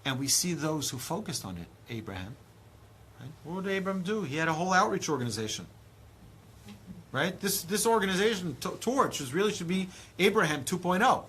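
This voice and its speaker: A man in his thirties, a rabbi giving a lively Torah lecture, acting out dialogue with big swings in pitch and loudness. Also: a little fast, slight background noise. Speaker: rabbi teaching a class.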